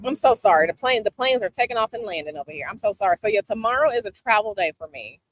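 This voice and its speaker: A woman's voice: mid-range voice, animated, fast talker. A woman from Chicago hosting a casual chat with her viewers outdoors, sassy and emphatic, repeating her advice. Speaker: tarot channel host. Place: outdoors by a palm tree, planes overhead.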